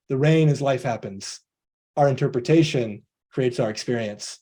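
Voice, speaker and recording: A man with a mellow, relaxed voice speaks earnestly as a coach on a video call. He talks through his points by playing out little back-and-forth conversations, voicing both sides himself. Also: medium pitch, a little slow. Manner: earnest, acts out both sides of imagined dialogues. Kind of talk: motivational talk on a video call.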